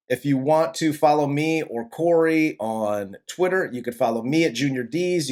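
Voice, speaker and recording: A man in a relaxed movie review chat takes his time with every thought. His voice sits a bit high, and his talk is loose, crude and full of laughter. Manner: laid-back, profane, laughs often. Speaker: podcast co-host, movie reviewer. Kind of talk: casual chat.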